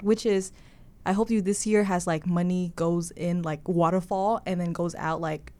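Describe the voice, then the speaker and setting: A woman from northern Vietnam chatting casually and in a relaxed way on a podcast. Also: on the low side, moderate pace. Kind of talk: casual chat.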